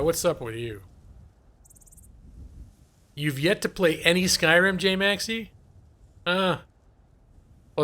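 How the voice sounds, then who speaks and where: A man's voice: on the high side, bright, forceful tone. A middle-aged man casually chatting through a live game stream, reading chat aloud and rambling. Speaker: gaming streamer.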